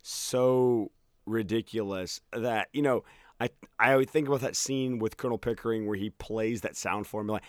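A man's voice: fairly low pitch, normal speed, dry recording, clean studio sound. An American man, an English teacher, chatting casually about a film and quoting lines in mock voices. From United States. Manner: animated, quotes lines in mock voices, laughs often.

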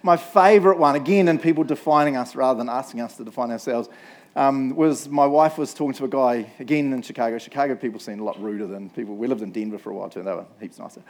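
A man's voice: medium pitch, quick pace. Chatty New Zealand pastor, middle-aged man. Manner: chatty, humorous, keeps tagging "right?". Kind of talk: casual sermon storytelling.

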